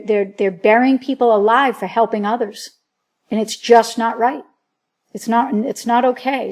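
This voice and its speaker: A woman's voice: mid-range voice, a little mellow. A woman telling her story as an interview guest in casual, earnest, rambling speech, often breaking into quoted dialogue. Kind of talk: casual spoken testimony.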